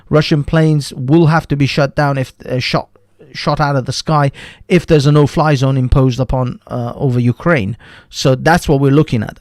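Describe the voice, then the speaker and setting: A man's voice: a little high, no room sound, studio quality. A man hosting a live stream, ranting in profane, heated commentary that often breaks off and restarts. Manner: profane, heated, interrupts himself. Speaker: livestream host.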